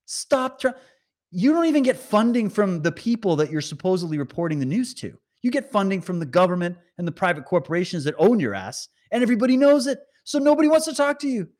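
A man's voice: sits high, big pitch swings, a little fast, darkish tone. Male commentator, heated and sarcastic, swings his voice widely as he rants. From Canada. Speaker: online commentator. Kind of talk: ranting commentary over clips.

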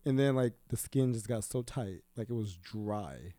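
A man's voice: fairly low pitch, unhurried, dark tone, no room sound. A young man telling a rambling, profane story in casual chat, with lots of "like" fillers.

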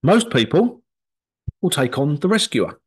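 A man's voice: a little high, big pitch swings, unhurried, slightly rough. A man giving a casual spoken talk on relationship patterns, with frequent ums, asides and short acted-out quotes. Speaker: relationship coach.

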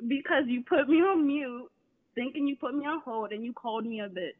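A woman's voice: high-pitched, fairly quick, dry recording. A woman on a tinny, dry phone line, complaining to customer service. She is insistent and demanding, repeating herself to push through interruptions. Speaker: complaining caller.

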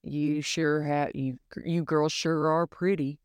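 A woman's voice: deep voice, fairly even intonation, takes it slowly, clean tone, no echo. A woman playing a leering, creepy older man.

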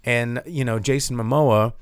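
Dry, studio-quality audio carries a man's clean, medium-pitched voice at a moderate pace. He's a podcast co-host casually reviewing a movie he saw, rambling with frequent fillers and restarts and a bit of profanity.

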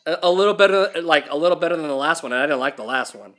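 A man's voice: on the high side, animated, very fast, a bit bright. A man co-hosting a casual podcast chat, blunt and profane, often stumbling over repeated words as he starts a sentence. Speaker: podcast co-host.

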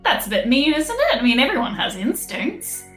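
A high, lively woman's voice, a player speaking for her character in a tabletop game. She talks casually and laughs easily. The room gives her voice an echo, with faint music behind. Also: moderate pace.

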